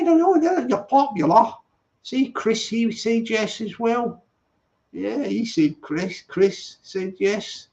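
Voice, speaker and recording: A man with a fairly high voice chats slowly and loosely with his live-stream viewers. He repeats phrases and calls people darling. The audio is dull and lo-fi. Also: gravelly. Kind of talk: casual live-stream chat.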